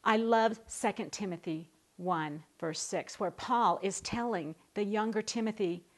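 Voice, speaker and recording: A middle-aged woman teaching a recorded Bible study lesson to a women's group, warm and encouraging in a conversational way. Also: mid-range voice, measured pace.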